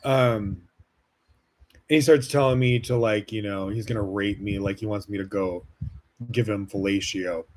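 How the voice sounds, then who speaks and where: A man's voice: lowish voice, measured pace. A man from Las Vegas hosting a podcast, telling a personal story in a casual, frank way with many "like" fillers. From Las Vegas, United States. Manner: casual, heavy use of "like" fillers, frank and animated. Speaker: podcast host.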